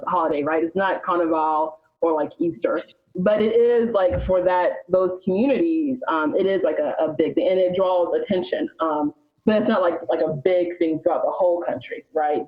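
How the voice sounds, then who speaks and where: A woman's voice: on the low side, moderate pace. A woman from Alabama, a guest on a podcast, explaining history in a chatty, informal way. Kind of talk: casual podcast chat. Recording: slightly dull lo-fi sound.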